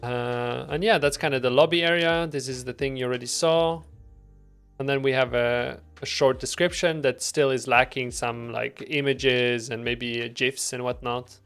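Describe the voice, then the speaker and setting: Man, mid-pitched, rambling casual devlog chat, filler-heavy, self-deprecating, faint music behind. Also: fairly even intonation, normal speed, a bit bright, clean tone. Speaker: indie game developer streaming. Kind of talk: casual devlog stream talk.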